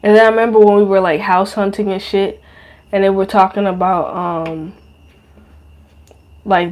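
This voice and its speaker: A woman's voice: mid-range voice, steady tone, normal speed, long pauses, a little mellow. Profane, rambling young woman podcaster. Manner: profane, slangy, rambling with many fillers. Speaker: podcast host. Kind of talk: casual monologue.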